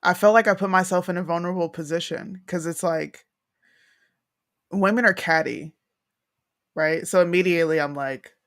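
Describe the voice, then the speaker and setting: Young female co-host, candid and conversational, lively storyteller. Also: on the low side. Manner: frank, animated storytelling, quick asides. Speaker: podcast co-host. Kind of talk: candid casual chat.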